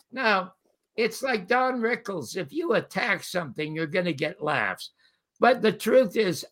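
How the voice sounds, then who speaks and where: An older man telling animated stories as a guest, quoting the people in them. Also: high voice. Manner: animated storyteller quoting others. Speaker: guest storyteller. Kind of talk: casual interview anecdotes.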